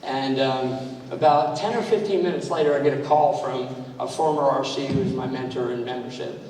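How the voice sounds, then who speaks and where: A man's voice: mid-range voice, moderate pace, darkish tone. A man giving a conversational, anecdotal speech to an audience in a large room, telling stories and quizzing the crowd. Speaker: speaker at a club training event. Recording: echoey hall, mic far off, faint noise.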